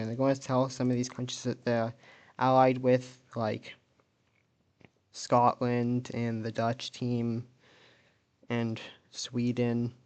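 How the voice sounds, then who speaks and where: Slow, easygoing man narrating a map. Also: medium pitch. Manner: relaxed, thinking aloud, self-correcting. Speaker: map video creator. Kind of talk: casual narrated map commentary.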